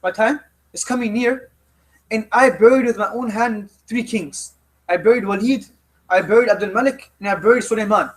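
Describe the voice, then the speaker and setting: A man's voice: high-pitched, normal speed, lightly acted, rough recording. A man as a dying, solemn old caliph.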